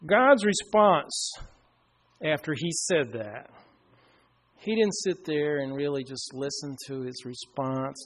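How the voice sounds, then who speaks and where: Man preacher, high-pitched, middle-aged, storytelling sermon with hushed emphatic pauses. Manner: storytelling, slows down and drops to a hush for emphasis.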